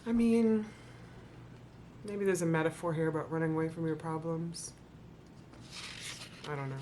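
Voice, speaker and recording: A woman with a lowish voice reads a rhyming children's book aloud to camera. She stops often for dry, joking asides, then picks the story back up. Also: fairly even intonation, a little fast, darkish tone, a little hiss or hum. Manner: sarcastic, playful commentary between read lines. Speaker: vlogger reading a children's book.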